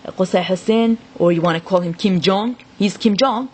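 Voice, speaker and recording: A woman's voice: medium pitch, normal speed, darkish tone. A woman talking straight to the camera in a rambling, agitated monologue full of swearing. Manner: profane, rambling, agitated ranting. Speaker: vlogger.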